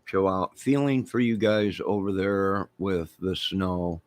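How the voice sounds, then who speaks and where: Easygoing stream host, middle-aged man, low voice, drawn-out jokey rambling. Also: no room sound. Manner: rambling, joking, drawling. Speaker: livestream host. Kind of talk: casual chat with live viewers.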